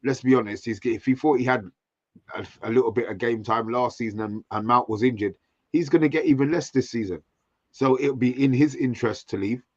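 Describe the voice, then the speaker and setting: Halting man on dull lo-fi call audio. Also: mid-range voice, a little mellow, no echo. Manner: halting, repeats words, many "you know"s. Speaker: co-host. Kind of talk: casual live-stream chat.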